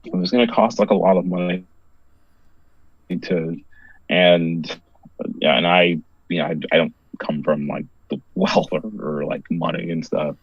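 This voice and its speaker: Man, very low voice, rambling with fillers, dry dull online-call sound. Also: fairly even intonation, a little slow, dry recording. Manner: rambling, heavy use of "like" fillers, laughs often. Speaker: comic book creator, guest. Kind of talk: casual interview storytelling.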